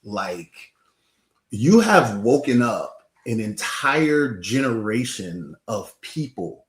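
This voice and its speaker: A man appearing as a guest candidate, talking in an animated, teasing way and often repeating himself. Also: lowish voice, slow, reverberant. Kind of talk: casual chat.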